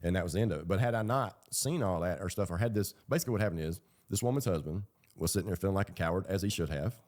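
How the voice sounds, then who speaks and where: A man's voice: low-pitched, animated, very fast, darkish tone. A man telling his own story in a loose, rambling, colloquial way. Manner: rambling, colloquial, with fillers and laughs. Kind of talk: casual storytelling.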